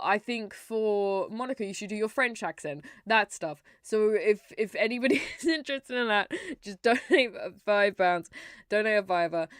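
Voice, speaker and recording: A woman's voice: mid-range voice, smooth, dry recording, studio quality. A young woman from the UK streaming a game, chatting and giggling as she rambles and reads the on-screen text. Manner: giggly, rambling, chatty with frequent laughs and restarts. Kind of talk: casual live-stream chat and game text reading.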